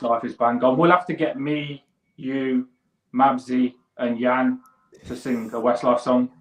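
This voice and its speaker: A man's voice: medium pitch, steady tone, measured pace. A man hosting a casual fan show chat, rambling and restarting his sentences. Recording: echoey room.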